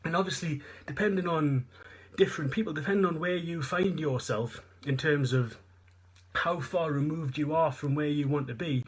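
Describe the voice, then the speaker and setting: A man's voice: on the high side, slightly rough. A man with a Northeast English accent, a fitness coach giving a seminar talk and explaining things earnestly, repeating himself as he goes. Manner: earnest, repetitive explaining with fillers. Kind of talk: live online seminar talk.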